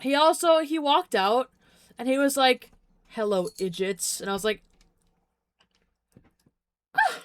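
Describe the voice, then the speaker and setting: Brief: young woman streamer, giggly and rambling, often repeats herself, light higher voice, dry close mic. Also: expressive, moderate pace, no room sound. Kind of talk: casual chat.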